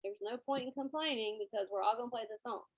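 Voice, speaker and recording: A woman's voice: a little high, fast, dull audio. A woman band director, giving a presentation and acting out quotes as she tells stories. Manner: lively storyteller, acts out quotes. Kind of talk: conference presentation.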